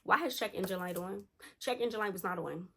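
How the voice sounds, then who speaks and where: Woman, young adult, casual storytime vlog, animated, slangy, medium pitch. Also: a little fast, creaky, a little hiss or hum. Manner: animated, slangy, addresses listeners as y'all. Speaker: storytime vlogger.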